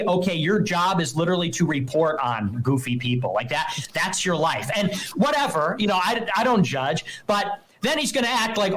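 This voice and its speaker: Man, livestream host, higher voice, casual emphatic rant, mocking asides. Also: very animated, normal speed, few pauses, a bit bright, poor audio. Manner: emphatic, mocks others in put-on voices.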